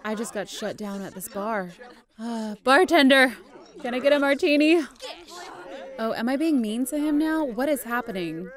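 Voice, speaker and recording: A woman's voice: fairly high pitch, expressive, normal speed. A young adult woman casually commentating a life-sim game, chatty and playful, often laughing. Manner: chatty, giggly, playful self-narration. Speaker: gaming YouTuber. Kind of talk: casual let's-play commentary.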